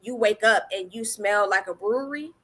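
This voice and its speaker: Woman with a bright voice, casual chat. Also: medium pitch, moderate pace. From Las Vegas area. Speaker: podcast co-host.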